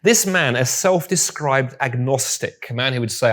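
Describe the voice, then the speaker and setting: A man's voice: medium pitch, lively intonation, moderate pace, a bit bright. A man speaking to a live audience, telling a story with wry, humorous asides. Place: room with audience.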